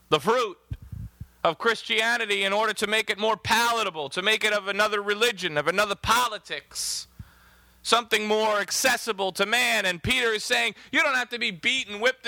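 A man's voice: high-pitched, bright, forceful tone, no room sound. A man preaching a sermon, emphatic, reading scripture aloud in old-fashioned wording.

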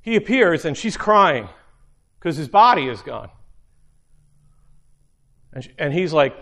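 A man preaching a sermon, earnest, putting rhetorical questions to his listeners and slowing down to stress key lines. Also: fairly high pitch, sing-song, fairly bright tone.

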